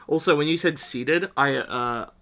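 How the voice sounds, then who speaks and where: A man's voice: fairly high pitch, measured pace, fairly bright tone. A male streamer in casual game chat who laughs often while he describes what is on his screen.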